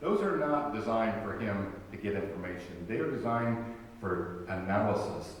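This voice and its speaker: A man's voice: fairly low pitch, lively intonation, normal speed, a little hiss or hum. A man, a pastor, preaching a sermon in a conversational way, with wry humor and emphatic rhetorical questions. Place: church sanctuary. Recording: very echoey church hall, from far off.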